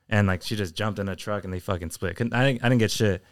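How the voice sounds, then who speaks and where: A young man co-hosting a podcast, telling stories in a casual, animated way with lots of swearing. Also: lowish voice, quick pace, no echo. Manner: animated, heavy swearing, storytelling. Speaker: podcast co-host. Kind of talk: casual chat.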